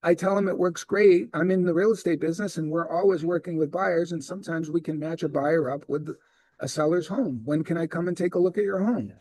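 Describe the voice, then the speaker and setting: Middle-aged guy teaching real estate sales, kinda high voice but mellow, tells stories and acts out all the back and forth, dry sound. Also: brisk, dry recording. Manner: animated storyteller acting out dialogue. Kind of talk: storytelling sales training talk.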